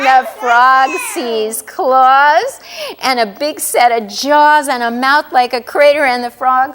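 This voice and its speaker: A woman's voice: high voice, slight background noise. A woman reading a picture book aloud to young children as storyteller, asking them questions as she goes. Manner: animated, asks children questions often; drawn-out sing-song rhyming delivery.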